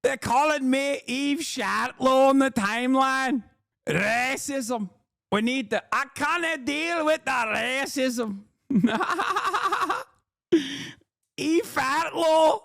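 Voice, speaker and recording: A man's voice: very high voice, animated, extremely slow, gravelly, bright, forceful tone. A man streaming casual reaction commentary, sarcastic, profane and mocking.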